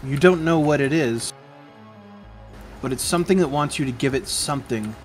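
A man narrating as game master in a tabletop game, slow and measured. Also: mid-range voice, faint music behind.

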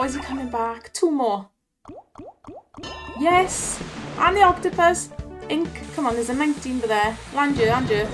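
A woman with a high voice gives excitable slot-game commentary in an unhurried way, cheering the reels on and laughing often. Faint game music plays underneath. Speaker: online slots streamer.

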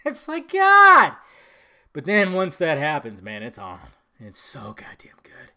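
Man, podcast host, casual rambling chat, profane, lively pitch. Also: a little slow. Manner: rambling, profane, animated swings in loudness.

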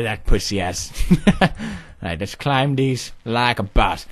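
A young man commenting on a video game in an excitable way, often laughing, swearing and shouting. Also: mid-range voice, slow. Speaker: gaming video host. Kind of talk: let's play commentary.

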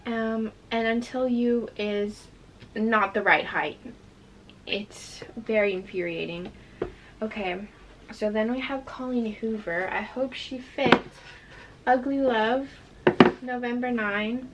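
With a fan running in the bedroom, the audio is very noisy as this book vlogger sorts her shelf. She talks casually and enthusiastically about her books and is easily sidetracked, speaking slowly in a fairly high voice.

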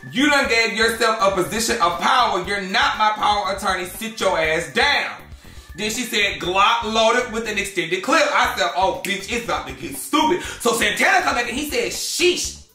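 A man hosts a celebrity drama gossip show, sassy and exclamatory as he reads posts aloud and reacts to them. His voice is high-pitched with a sharp tone. He's recorded off mic in an echoey room, with faint music in the background.

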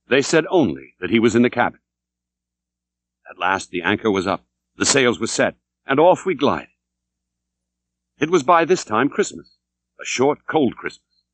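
Man narrating with wide expressive swings. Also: on the low side, dry recording. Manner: dramatic, expressive reading. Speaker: audiobook narrator. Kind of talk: scripted literary narration. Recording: dull dry recording.

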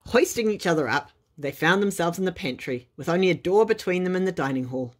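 A woman narrating a children's bedtime story in a lively, expressive way. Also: fairly low pitch, brisk.

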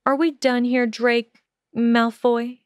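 A woman voicing a sharp-tongued, indignant teenage witch, clipped and defiant, in a fan audiobook. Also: medium pitch, animated, unhurried, dry recording, studio quality, lightly acted.

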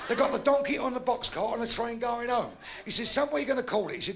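An older man telling bawdy jokes in live stand-up, with gravelly punchy delivery and shouted punchlines. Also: very high voice, sing-song, fast, hardly any pauses. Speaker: stand-up comedian. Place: live comedy venue with audience.

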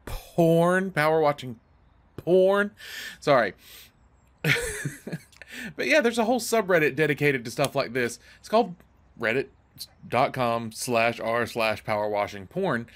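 A man hosting a let's play, excitable and joking as he talks to himself while playing. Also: a little high. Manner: excitable, joking, self-talking. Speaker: gaming channel host.

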